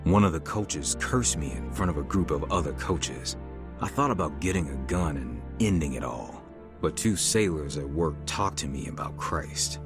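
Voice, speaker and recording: A middle-aged man calmly narrating his own life story as a testimony. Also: extremely low pitch, normal speed. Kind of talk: testimony narration over music. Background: music.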